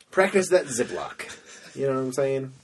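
A man co-hosting a podcast, trading crude deadpan jokes and giggling often. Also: medium pitch, measured pace, a little hiss or hum. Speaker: podcast co-host. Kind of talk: crude casual chat.

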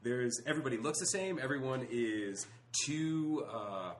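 A man's voice: medium pitch, animated, unhurried, slight background noise. A man co-hosting a casual podcast, blunt and profane as he lists his gripes, laughing often. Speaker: podcast co-host. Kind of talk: casual chat. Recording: roomy echo.

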